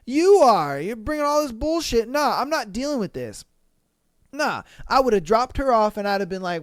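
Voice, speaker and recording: A man's voice: very high-pitched, expressive, normal speed, dry recording, studio quality. A man hosting a podcast, reading listener stories aloud and reacting with blunt, profane, exasperated commentary. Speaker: podcast host.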